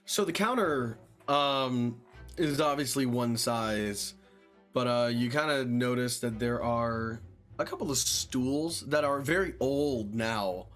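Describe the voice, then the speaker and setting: A man playing a tabletop game, describing a scene in a halting, soft way. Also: medium pitch, faint music behind. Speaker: player.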